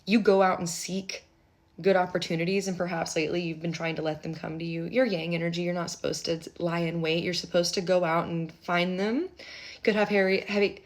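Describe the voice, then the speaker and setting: Chatty woman doing a tarot reading. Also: on the low side. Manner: chatty, rambling, with offhand asides and soft muttering. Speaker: tarot reader. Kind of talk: casual live tarot reading.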